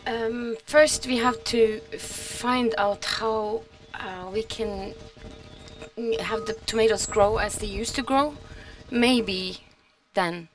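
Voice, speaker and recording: A woman from Norway speaks at a middle pitch in a casual chat. She is thoughtful and unhurried, pausing to search for the right words. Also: soft background music. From Norway, Manndalen. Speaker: festival guest, performance crew member.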